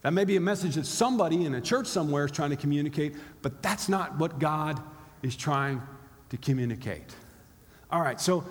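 A man's voice: a little high, lively intonation, fairly quick. A pastor preaching a sermon in a conversational way, acting out the inner voices of his listeners. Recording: long hall reverb.

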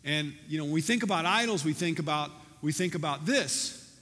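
A man preaching a sermon in a church, talking in a loose, animated, conversational way with many restarts. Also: on the high side, a little fast. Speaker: pastor. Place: church sanctuary. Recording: reverberant church hall.

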